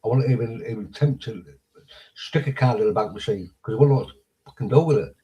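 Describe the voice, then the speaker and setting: A man's voice: medium pitch, quick pace, mellow, poor audio. A man in casual chat, telling blunt stories, acting out exchanges and swearing.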